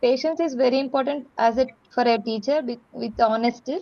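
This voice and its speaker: A woman's voice: a little high, fairly quick, gravelly. Lady teacher on a dull muffly call, polite, says sir constantly. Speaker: schoolteacher. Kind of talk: answering questions in a training session.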